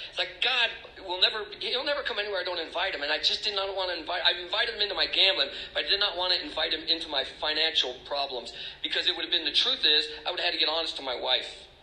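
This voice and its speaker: A man's voice: on the high side, sharp tone. Middle-aged guy giving a confessional recovery talk, rambly and emotional, echoey hall sound. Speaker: recovery speaker. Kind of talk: personal testimony talk.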